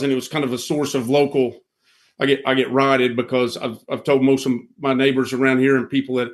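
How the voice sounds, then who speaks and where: A man talking about markets as a podcast guest, folksy and blunt, telling stories in an animated way. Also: medium pitch, brisk. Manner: animated storyteller who acts out quoted voices. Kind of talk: casual podcast conversation.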